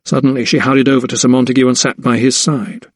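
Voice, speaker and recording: A man's voice: mid-range voice, flat delivery, no room sound, clean studio sound. Man narrating a historical novel. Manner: measured storytelling. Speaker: audiobook narrator. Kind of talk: scripted narration.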